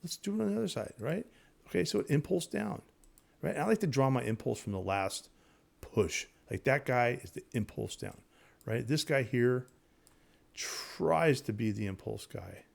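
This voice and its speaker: A man teaching day trading over his charts in a casual, excitable way, repeating himself and talking straight to viewers. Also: mid-range voice, normal speed, vocal fry. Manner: excitable, repetitive, talks to viewers directly. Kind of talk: casual screen-share trading lesson.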